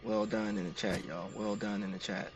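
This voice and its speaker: A man's voice: on the low side, fairly even intonation, normal speed, far from the mic, highs cut off, noisy background. A man narrating each step of a game to his stream chat in an upbeat, casual way.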